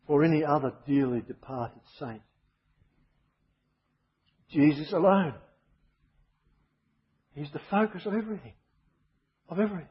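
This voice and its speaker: Husky preacher man, emphatic sermon. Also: fairly high pitch, unhurried, pauses often, lo-fi sound. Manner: emphatic, repeats key phrases.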